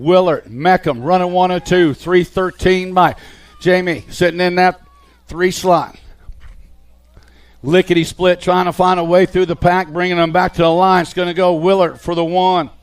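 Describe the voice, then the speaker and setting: Guy announcing bmx races live, high smooth voice, hyped play by play. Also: normal speed. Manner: excited play-by-play calling riders and positions. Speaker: race announcer. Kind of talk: live race commentary.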